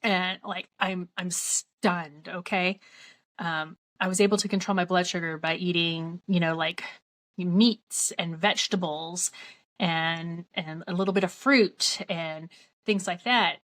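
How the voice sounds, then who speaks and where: A woman with a somewhat low voice tells a personal story in an earnest vlog manner. She relays past conversations by quoting both herself and the other person. Her delivery stays conversational and sincere throughout. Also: steady tone, unhurried, a bit bright. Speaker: vlogger.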